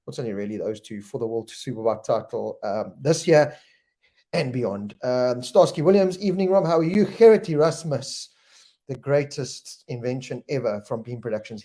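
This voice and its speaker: A man hosts a live fan show in a relaxed, chatty way, reading out viewers' names and questions as they come in. His voice has a mellow, darker tone at a middle pitch. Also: moderate pace. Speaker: host. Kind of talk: live-stream chat reading fan comments.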